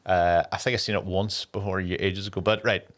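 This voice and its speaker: Halting man on a comedy podcast. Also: low voice, level tone, fairly bright tone. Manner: halting, many fillers and restarts, swears casually. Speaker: podcast co-host. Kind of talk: casual comedic chat.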